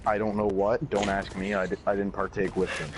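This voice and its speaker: Brief: young Canadian man, lowish voice, laid-back cursing storyteller, loud noise in the recording. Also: level tone, brisk. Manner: profane, rambling, laid-back. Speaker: YouTuber. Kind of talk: casual storytelling.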